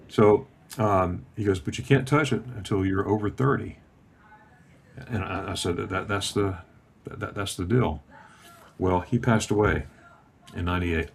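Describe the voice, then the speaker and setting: A man's voice: fairly low pitch, a little mellow. A man in his fifties from Florida, telling a personal story in a casual chat and acting out the voices of the people in it. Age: 50s. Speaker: guest.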